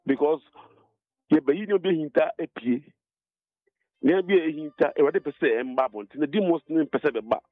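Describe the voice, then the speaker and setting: A man's voice: on the high side, a little fast, pauses often, no echo. A man with a Ghanaian accent calling into a radio show, explaining spiritual matters in an emphatic, preaching way. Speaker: caller. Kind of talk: preaching-style explanation on the phone. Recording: dry tinny phone line.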